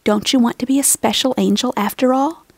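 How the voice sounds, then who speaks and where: A woman voicing a kind, caring schoolteacher in a storybook reading, gentle and reassuring. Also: a little high, brisk, creaky, breathy edge, no room sound, clean studio sound.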